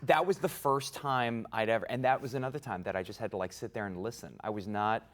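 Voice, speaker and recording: A man in his twenties, an actor being interviewed, talking in a casual, animated way and laughing through his stories. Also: fairly low pitch, fast. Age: 20s. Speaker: guest actor.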